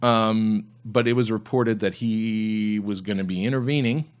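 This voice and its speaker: A man's voice: on the low side, steady tone, unhurried, smooth. A man hosting a solo commentary podcast, reading items aloud and answering them with sarcastic, mocking asides. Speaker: podcast host.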